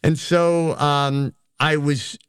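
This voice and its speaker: A man's voice: on the high side, flat delivery, extremely slow, clear, resonant tone, no echo. An older man, a photographer and teacher, telling stories in a casual, rambling, self-deprecating way in an interview. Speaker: photographer and educator.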